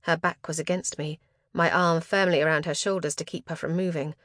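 A woman narrates a first-person fantasy novel with dramatic, expressive storytelling. Her voice sits low, and the recording is dry and close, with no room sound. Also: fairly quick, no room sound. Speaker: audiobook narrator.

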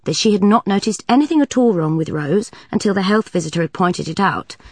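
A woman narrating a children's storybook aloud in an even, clear manner. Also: mid-range voice, brisk, dry recording. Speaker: audiobook narrator. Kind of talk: storybook reading.

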